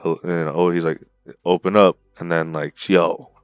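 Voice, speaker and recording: A man co-hosting a podcast, recapping a story in an excited, slangy way and calling his co-host bro and dude. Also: low voice, normal speed, clear, resonant tone, dry recording, muffled recording, soft background music. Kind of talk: casual chat.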